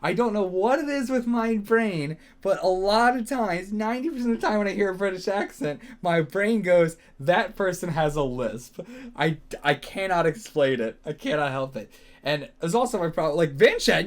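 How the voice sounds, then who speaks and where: A man, hosting a casual solo reaction video, rambling and second-guessing himself with lots of fillers. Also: high-pitched. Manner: rambling, self-questioning, frequent fillers and swearing.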